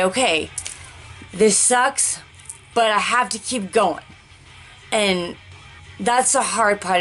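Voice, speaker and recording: A woman speaks candidly in a personal vlog, at a middle pitch, slowly and deliberately. She rambles, hunts for words, restarts her sentences and sighs between thoughts. Faint music plays quietly underneath. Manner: slow, deliberate pacing. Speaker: vlogger sharing life after a stroke.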